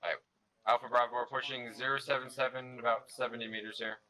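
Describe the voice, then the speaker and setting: A man acting as squad leader, giving calm, steady radio reports with bearings and distances. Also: medium pitch, fast. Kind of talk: tactical radio callouts.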